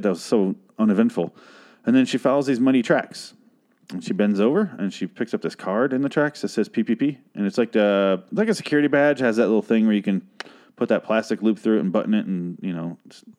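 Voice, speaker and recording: A podcast host from Phoenix, Arizona, recaps a TV episode in a rambling, sarcastic way, swearing a lot. His voice is lowish, darkish, clear and resonant.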